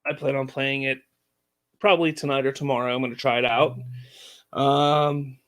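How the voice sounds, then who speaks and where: A man's voice: mid-range voice, little pitch movement, normal speed, a bit bright. A man in his thirties hosting a casual family chat as a father, easygoing and joking, chuckling often. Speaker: podcast host and father.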